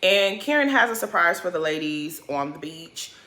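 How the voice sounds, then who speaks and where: Animated, bright-voiced woman recapping reality TV. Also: on the low side, moderate pace. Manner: blunt, swears freely, slangy and expressive. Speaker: recap host.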